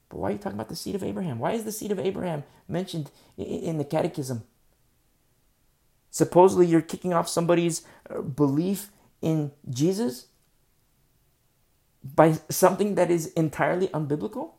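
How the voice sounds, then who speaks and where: A man preaching a sermon, earnest, swinging between soft pleading and emphatic outbursts. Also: mid-range voice, normal speed, creaky, pauses often.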